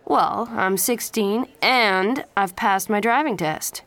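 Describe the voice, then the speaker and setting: A woman's voice: mid-range voice, slow pace, fairly bright tone. A woman reading the lines of a cocky, joking teenage boy in a storybook. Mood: proud.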